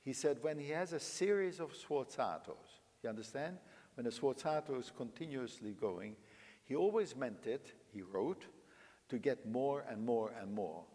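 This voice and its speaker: In a big, reverberant hall with a piano playing, an elderly male teacher runs a master class for a young pianist. His mid-range, slightly mellow voice has lively intonation and normal speed as he sings passages and urges the student on with emphatic coaxing.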